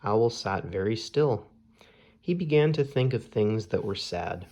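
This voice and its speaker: A man reading a children's storybook aloud in a slow, measured storytelling manner. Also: on the low side, lively intonation, darkish tone. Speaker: storybook reader.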